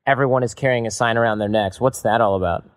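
A man's voice: mid-range voice, fast. Man, podcast host, casual questioning tone. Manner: conversational, asks questions, jokes. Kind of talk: podcast interview.

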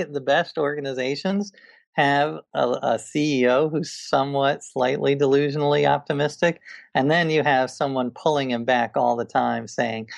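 A man with a heavily gravelly, creaky voice, chatting as a guest in an interview. He tells stories eagerly, often restarting his sentences. The sound is dry and close, with no room around it. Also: mid-range voice, no echo. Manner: enthusiastic storyteller with frequent restarts. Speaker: author and guest. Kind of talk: casual interview conversation.

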